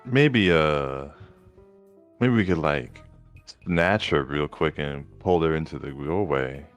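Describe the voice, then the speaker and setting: Extremely deep-voiced male player. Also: slow pace, soft background music. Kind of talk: casual chat at a tabletop game.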